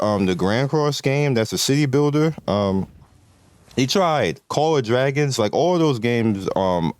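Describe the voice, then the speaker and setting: A man's voice: fairly low pitch, a little mellow, dry recording, clean studio sound. A man from the United States chatting casually as a gaming video creator, rambling with lots of fillers and restarts and laughing often.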